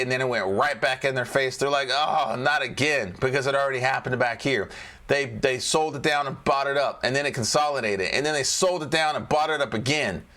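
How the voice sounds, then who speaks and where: A man's voice: mid-range voice, bright, forceful tone. A man casually walking through stock charts as a trading educator, joking and repeating phrases as he goes.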